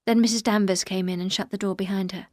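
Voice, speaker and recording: A woman's voice: mid-range voice, fairly even intonation, quick pace, a little mellow, no room sound. Woman narrating a learner audiobook, dry.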